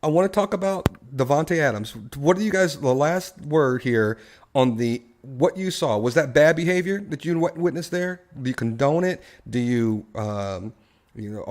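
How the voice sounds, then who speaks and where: A man's voice: mid-range voice, animated, normal speed, a little mellow. A man hosting a casual live-stream discussion, telling a story and putting questions to his co-hosts and the chat. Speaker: live show host.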